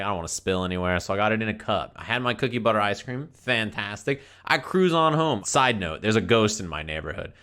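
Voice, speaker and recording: A man streaming to his chat, telling a story in a profane, exasperated, animated rant. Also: lowish voice, clean tone.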